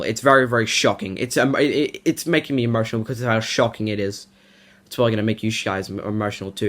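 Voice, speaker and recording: A man's voice: medium pitch, fairly bright tone. A man talking casually to his viewers in a vlog, rambling with lots of filler words and mock-dramatic build-ups. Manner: rambling, heavy on "like" and "um". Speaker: YouTuber.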